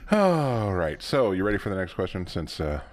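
A young man co-hosts a casual podcast, telling rambling stories and breaking into frequent laughter. His voice sits low yet swings widely in pitch, with plenty of animation. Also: big pitch swings, normal speed. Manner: laughs often, rambling storyteller. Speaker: podcast co-host. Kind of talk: casual chat.

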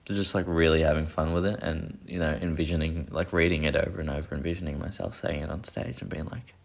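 Young man, very low voice, vocal fry, casual rambling, profane. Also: steady tone, fast. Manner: rambling, profane, self-deprecating. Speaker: podcast host. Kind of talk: casual solo chat.

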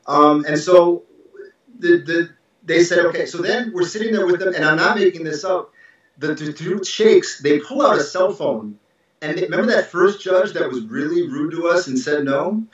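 A middle-aged man tells a story in a lively, emphatic way, full of restarts and asides. His voice sits a little high, and it rings in a very echoey room. The sound is muffled and lo-fi. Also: moderate pace, recorded from a distance. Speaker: husband telling their story. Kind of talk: casual conversational storytelling.

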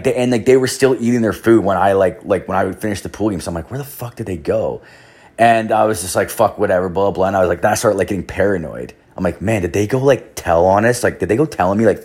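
Young dude podcast host, kinda low voice, rambly, swears a ton. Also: male voice, quick pace, a little mellow. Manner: rambling, profane, filler-heavy. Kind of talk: casual storytelling monologue.

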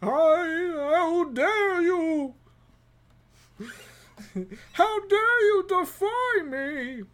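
A woman voicing a haughty store door greeter with a shrill, menacing drawl. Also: takes it slowly, mellow, exaggerated voice.

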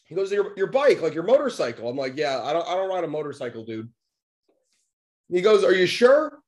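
Here a young man co-hosting a podcast spins a story with animated, casual energy. He swears freely, imitates the voices of the people he quotes, and talks briskly in a slightly high register.

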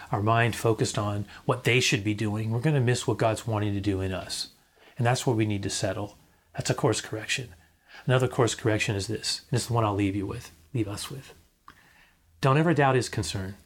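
A middle-aged man preaching a sermon as a pastor, earnest, repeating key phrases and sometimes dropping almost to a whisper. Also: fairly low pitch.

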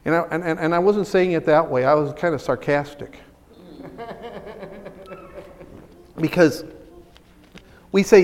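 A high-pitched male pastor delivers a lively sermon in a church sanctuary. He talks with excitable energy and often restarts his sentences. A long hall reverb trails after his voice. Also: a little slow, long pauses. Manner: animated, excitable preaching with many restarts.

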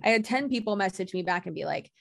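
Blunt, assertive woman with a gravelly edge. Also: medium pitch, expressive, fast, a bit bright, no room sound, studio quality. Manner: blunt, assertive, swears freely, laughs often. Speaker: guest content creator. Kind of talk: casual podcast conversation.

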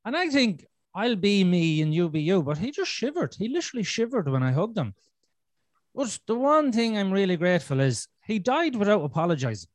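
Irish male podcast guest, slightly high voice, blunt and profane, dry close recording. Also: very animated, fairly quick, no room sound. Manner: blunt, heavy swearing. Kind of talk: casual conversation.

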